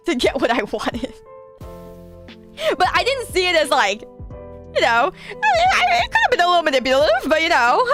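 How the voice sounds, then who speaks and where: Woman, streamer host, casual chat, laughs a lot, very animated pitch, soft music in background. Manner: giggly, gushing, laughs often. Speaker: streamer hosting a call-in style radio show. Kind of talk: casual chat reading listener stories.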